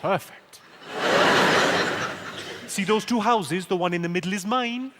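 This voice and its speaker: A male stand-up comedian doing crowd work with brisk deadpan one-liners, teasing the audience at a live comedy venue. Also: high voice. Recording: loud background noise.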